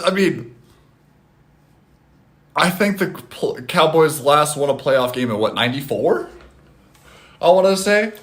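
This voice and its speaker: A man hosting a casual live stream from his phone, talking with chat in an animated, loose way with casual swearing. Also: a little high, measured pace, long pauses.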